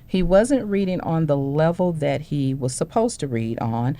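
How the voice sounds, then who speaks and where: A woman, speaking low and warm as a parent on a panel. Her pitch rises and falls freely as she tells her story. She acts out each person's voice along the way. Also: moderate pace. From Houston, Texas. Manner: animated storytelling, acts out dialogue.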